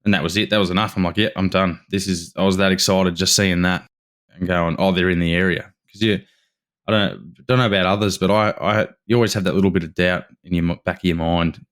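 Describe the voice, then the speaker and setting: Deep, flat-voiced Australian man telling a story. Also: fast talker. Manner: eager, rambling, with many restarts. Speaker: podcast guest. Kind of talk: casual storytelling.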